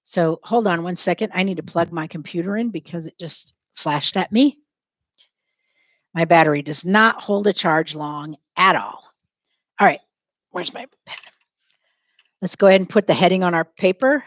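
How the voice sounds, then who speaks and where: A woman's voice: lowish voice, normal speed, no echo, muffled recording. A woman teacher leading a lesson, dictating notes and having students repeat each phrase, spelling words aloud and chatting to herself while she works. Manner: lively, talks to herself while working.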